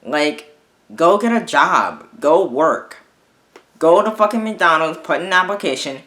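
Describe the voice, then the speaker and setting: A man's voice: a little high, expressive, a little slow, bright, forceful tone. A man, a vlogger, ranting in a casual monologue, exasperated, swearing often and restarting his sentences. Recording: echoey room.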